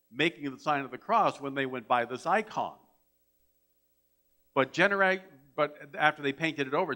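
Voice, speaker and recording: A man's voice: medium pitch, pushed and bright. A man giving a folksy storytelling sermon as minister, with a dry sense of humour. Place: church sanctuary.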